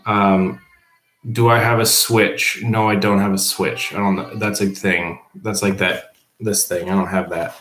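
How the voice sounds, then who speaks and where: A man with a fairly low voice chats loosely on a home livestream, reading his viewers' comments and tossing back replies. He is a teacher, easygoing and unpolished. The sound carries a noticeable roomy echo. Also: flat delivery, measured pace, fairly bright tone. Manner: reads viewer comments aloud and answers them offhandedly. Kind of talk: casual livestream chat. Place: at home, below the baby's room.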